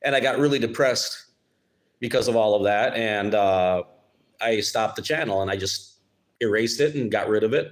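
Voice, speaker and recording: A man from Minnesota, hosting his channel in a rambling, sarcastic live-stream chat. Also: lowish voice. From Minnesota, United States. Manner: rambling, halting, with many restarts and sarcastic asides. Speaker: YouTube channel host.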